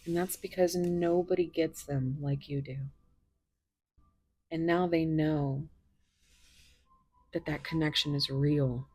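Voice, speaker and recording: A woman's voice: deep voice, steady tone, takes it slowly, pauses often, a little mellow, breathy edge, no echo. A woman reading tarot cards to her viewers, gushing and emotional, often dropping into whispers, and teary. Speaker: tarot reader.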